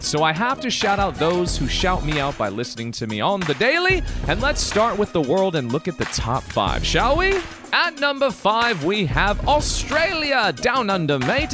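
A man hosting a podcast in a casual monologue, theatrical and hyped, breaking into sung and shouted bursts. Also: high voice. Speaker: podcast host.

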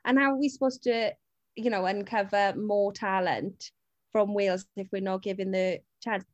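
A woman's voice: mid-range voice, steady tone, moderate pace, lo-fi sound. Earnest woman talent agent chatting. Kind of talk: casual chat.

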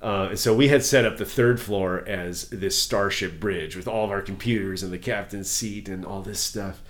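A man hosting a podcast, telling a story in casual chat with animated delivery and frequent laughs. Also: fairly low pitch. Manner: animated, laughing, quick restarts. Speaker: podcast host.

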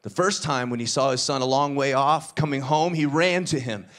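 A man preaching a sermon, retelling a parable with lively acted-out dialogue and casual asides. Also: normal speed. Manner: animated storytelling, acts out dialogue with shifting pitch. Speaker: pastor.

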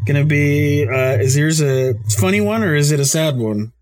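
A man's voice: fairly high pitch, normal speed. Laughing, rambling male podcast host. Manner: rambling, laughs at his own story. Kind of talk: casual storytelling chat.

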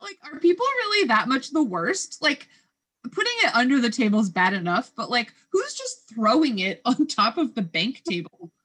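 Bright, high-voiced chatty woman. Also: normal speed, husky. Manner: lively, reads out timestamps, playful disgust. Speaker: podcast co-host. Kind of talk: casual rewatch chat.

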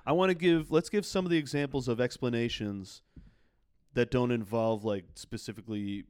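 A man's voice: medium pitch, normal speed, darkish tone, clear, resonant tone, no room sound, clean studio sound. A young adult man co-hosting a podcast, talking loosely and emphatically, with lots of filler words and swearing. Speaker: podcast co-host. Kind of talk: casual chat.

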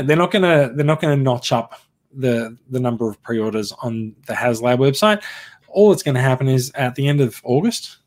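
A man co-hosting a podcast, explaining things at length in casual chat, often restarting his sentences. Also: medium pitch. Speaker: podcast co-host.

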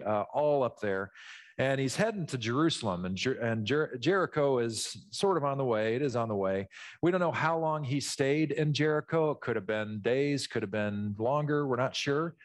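A man preaching a sermon as pastor, explaining scripture in a teacherly way and acting out the people in the story. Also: mid-range voice. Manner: animated, teacherly, acts out voices in the story.

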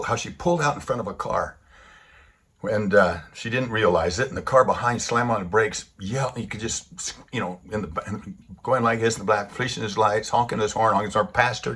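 A man tells stories from the pulpit in a low, husky voice. He is lively and animated, putting on voices for the people in his tales. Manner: animated storyteller who acts out the quotes. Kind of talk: storytelling sermon.

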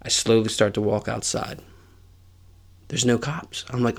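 A man in his forties tells a story on his own podcast, with a gravelly, creaky edge to his voice. He talks casually and with life, and his pitch sits right in the middle. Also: steady tone, moderate pace. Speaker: podcast host.

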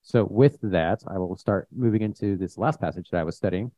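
A man's voice: low voice, fairly quick, warm tone, no room sound. A young man giving a plain-spoken, conversational sermon, reading scripture and acting out quotes. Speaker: preacher. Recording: dull, muffled recording.

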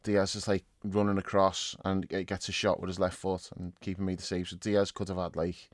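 Fella chatting footy, gets animated telling stories, swears a lot, dry close sound. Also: male voice, low voice, a little fast, no echo. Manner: animated storytelling, swearing, laughing often. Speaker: football podcast co-host. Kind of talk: casual match reaction chat.

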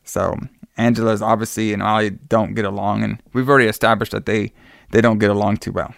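Man, casual movie recap, rambling and profane, smooth clear voice, dry close sound. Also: lowish voice, flat delivery, a little fast, no room sound. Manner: rambling, profane, acts out quotes with laughs. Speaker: podcast co-host recapping a movie.

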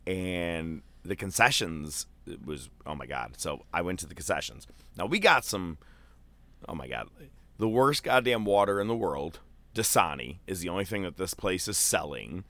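A man chatting casually as a podcast co-host, telling a loose, profane story full of fillers and jumping into animated quoted voices. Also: no echo. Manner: animated, jumps into high-pitched quoted voices. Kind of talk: casual chat.

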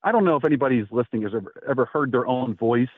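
A man's voice: medium pitch, lively intonation, racing, no echo. A man, a radio host telling a rambling story in an interview and acting out the quotes. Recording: tinny phone-like line.

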